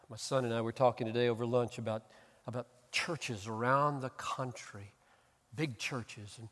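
A pastor delivering an expository sermon, earnest and emphatic, swinging from hushed tones to loud exclamations. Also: male voice, medium pitch. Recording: long hall reverb.

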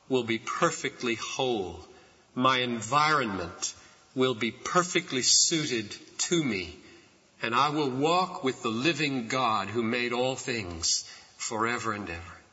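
A man preaching a sermon as a pastor, building from quiet passages to loud, impassioned outbursts. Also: medium pitch, slightly rough, big-room sound, dull audio.

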